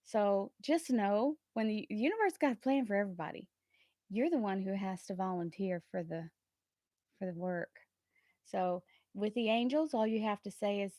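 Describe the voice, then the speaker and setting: A woman hosting a tarot livestream, talking earnestly and warmly about trust and spirit, often laughing between thoughts. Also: medium pitch, normal speed, no echo, studio quality. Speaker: tarot reader and channel host. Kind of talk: casual livestream chat.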